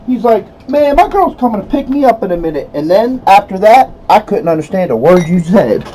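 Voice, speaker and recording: High-voiced, laid-back male host. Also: very animated, a little fast, mellow, slight background noise, rough recording. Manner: laid-back, agreeable, swears casually. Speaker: podcast host. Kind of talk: casual podcast chat.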